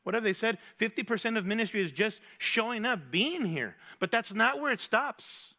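A male pastor preaches to a men's Bible study in a high, bright voice. He drives his points home by repeating key words and firing questions at the listeners. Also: animated, normal speed. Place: church meeting room.

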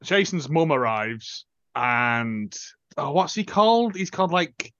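A man co-hosting a casual film-review chat, telling the plot in a sarcastic, animated way. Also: a little high, takes it slowly, no echo, dull audio. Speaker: podcast co-host.

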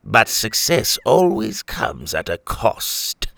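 Cocky pirate captain, a man voicing him; slow, sneering, gravelly, swings up and down. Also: fairly low pitch, wildly swooping pitch, sharp tone, dry recording, exaggerated voice. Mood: smug, playful. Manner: playful, mocking, theatrical.

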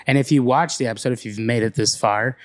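A man co-hosting a casual podcast from a bar, easygoing and quick to laugh. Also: mid-range voice, dry recording. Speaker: podcast co-host. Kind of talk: casual chat.

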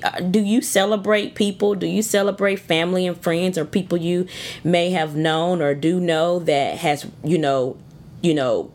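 A woman with a notably deep, low-pitched voice speaks in an informal devotional talk. She talks earnestly and conversationally, urging her listeners along.

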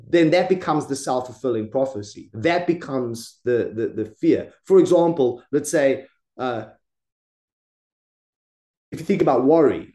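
Mellow-voiced man explaining in an echoey room. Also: medium pitch. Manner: explains patiently, often checks in with "right?". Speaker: co-host. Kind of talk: explanatory podcast discussion.

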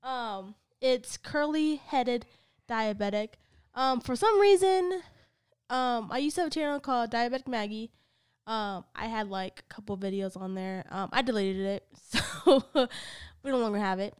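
A woman in her twenties co-hosting a podcast, chatting casually with lots of laughter and animated storytelling. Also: a little high, a little slow, smooth. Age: 20s. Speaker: podcast co-host. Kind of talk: casual chat.

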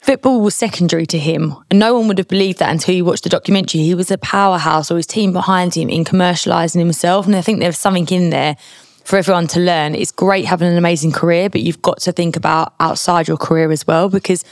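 Fast-talking woman, frank and emphatic. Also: fairly low pitch, steady tone, dry recording, studio quality. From Essex, England. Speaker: guest, managing director. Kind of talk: casual podcast interview.

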